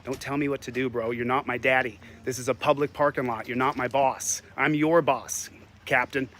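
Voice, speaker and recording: A man's voice: medium pitch, steady tone, normal speed, a bit bright. A man filming himself as an independent journalist, confronting and insulting police in a public parking lot with a combative, taunting manner. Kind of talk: street confrontation.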